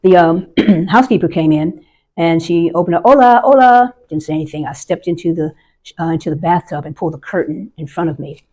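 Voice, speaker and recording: An older American woman, an Army veteran, recounts a personal experience in a lowish voice. She speaks earnestly and often stops to restart a sentence. She acts out the voices of the people she quotes. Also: fairly even intonation, fairly quick, mellow, breathy edge. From United States. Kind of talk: personal testimony storytelling.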